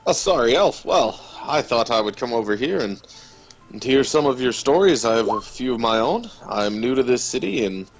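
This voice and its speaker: A man taking part in a tabletop role-play as a player, speaking his character's lines in his own relaxed voice. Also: mid-range voice, normal speed, gravelly, lo-fi sound. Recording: faint music behind.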